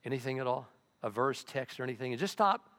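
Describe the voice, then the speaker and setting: An older man preaching a sermon as pastor, in a conversational way with sudden loud, excited bursts. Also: mid-range voice, fast talker.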